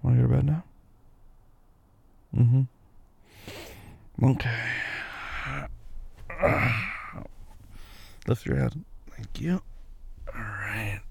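A young man playing a caring boyfriend who puts his sleepy partner to bed, gentle and reassuring with soft teasing, in a boyfriend role-play audio. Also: medium pitch, drawn-out words, gravelly, long pauses, slightly rough, exaggerated voice. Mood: tender.

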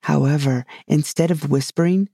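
A man narrating a storybook in a measured storytelling manner. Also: on the high side, steady tone, creaky, warm tone, slightly rough, no echo, clean studio sound. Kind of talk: storybook reading.

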